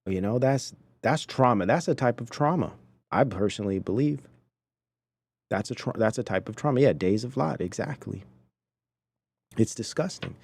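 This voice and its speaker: A man's voice: lowish voice, lively intonation, normal speed, creaky, pauses often, a little mellow, breathy edge, no room sound. A man hosting a podcast, giving indignant, preachy commentary on video clips and talking to his chat. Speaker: podcast host.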